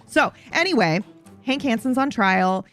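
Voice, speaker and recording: A woman's voice: a little high, expressive, a little slow, a bit bright, faint music behind. Rambling, foul-mouthed woman recapping a story. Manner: rambling, profane, self-correcting. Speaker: streamer recapping a roleplay story.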